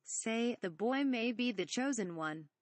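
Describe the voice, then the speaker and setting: A woman's voice: fairly high pitch, animated, a little slow, dry recording. A woman voicing a young male knight who wryly mocks another character, read from a parody script. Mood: mocking. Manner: wry, mocking.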